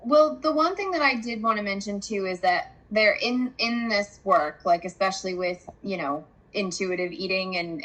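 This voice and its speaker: A woman's voice: mid-range voice, fairly bright tone, rough recording. A woman therapist speaking earnestly in a conversational interview, with frequent fillers like "like" and "you know". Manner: earnest, emphatic, many fillers.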